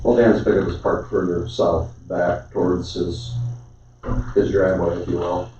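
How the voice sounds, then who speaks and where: A plain-spoken man argues his case at a council meeting, his dark, mellow voice heard from across a very echoey chamber. The recording is dull and lo-fi. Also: low voice, flat delivery, a little slow, a little hiss or hum. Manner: plain-spoken, explains patiently with filler "I mean". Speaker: council member. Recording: far-off mic, echoey chamber, dull sound.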